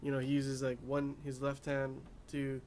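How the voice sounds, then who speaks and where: A man's voice: mid-range voice, completely flat delivery, normal speed, a little mellow, a little hiss or hum. A young man casually recapping an anime episode, rambling with lots of fillers and laughing at his own asides. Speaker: anime reviewer.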